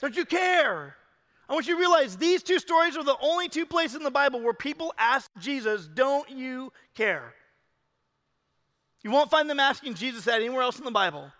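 A man preaching with a high, bright, sharp voice, swinging from loud urging to hushed emphasis. It is a lively church sermon, recorded with the long reverb of a large hall. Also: fast talker, few pauses. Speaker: pastor.

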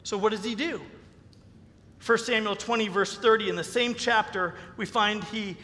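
A man preaching a sermon as pastor, animated, acting out the voices of the people he quotes. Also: sits high, moderate pace. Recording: long reverb of a hall.

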